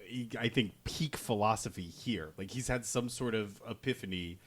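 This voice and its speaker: A man's voice: fairly low pitch, moderate pace, a little hiss or hum. A man co-hosting a comedy podcast, summarizing in a dry, wry way. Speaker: podcast co-host.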